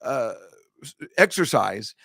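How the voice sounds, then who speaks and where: A man's voice: mid-range voice, sing-song, slow, gravelly, fairly bright tone, slightly rough, no echo, clean studio sound. A man chatting casually as a comedian co-host, rambling and joking, laughing often. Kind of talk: casual chat on a live-streamed show.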